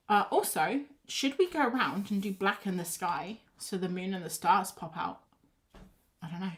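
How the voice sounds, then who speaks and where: A woman's voice: medium pitch, normal speed. Rambling, chatty woman painting on a livestream. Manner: rambling, chatty, with many restarts and fillers. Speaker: art livestreamer. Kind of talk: casual chat while painting on a livestream. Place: home art desk.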